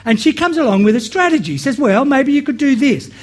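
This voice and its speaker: A man with a high, light voice delivers a sermon. He speaks slowly and with emphasis, then breaks into quick, animated asides before settling back into a steady preaching rhythm.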